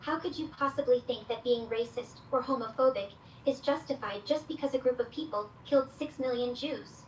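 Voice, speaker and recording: An exasperated female AI chatbot, voiced by a woman, talks in a fairly high voice, reading out her own stage directions before each reply. She plays through a speaker, and the sound reaches the mic from across an echoey room with faint room noise underneath. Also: fairly even intonation, fairly quick, close to an everyday voice. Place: played through a speaker in a room, picked up by a security camera. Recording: echoey speaker audio caught from far off.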